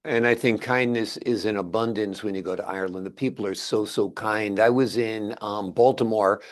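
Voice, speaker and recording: A man's voice: on the low side, fairly even intonation, moderate pace. Upbeat male interview host. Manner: upbeat, enthusiastic. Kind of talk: casual interview hosting.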